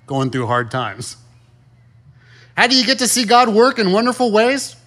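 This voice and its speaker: Male pastor, casual folksy sermon, slightly high voice. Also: very animated, normal speed, bright, forceful tone. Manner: conversational, folksy, with many fillers and rhetorical questions.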